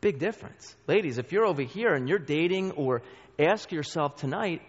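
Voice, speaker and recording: A man's voice: a little high, lively intonation, normal speed, husky. Earnest man teaching in a reverberant hall. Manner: earnest, conversational, direct address to the group. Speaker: Bible study teacher. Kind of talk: church teaching talk. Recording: dull sound with long hall reverb.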